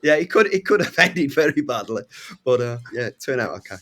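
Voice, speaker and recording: Guest, English male, 60s, mid-pitched, rambling storyteller who voices the people in his tales. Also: fairly quick. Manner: lively anecdotes, acts out quoted voices with big pitch jumps. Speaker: guest musician. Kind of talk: casual storytelling.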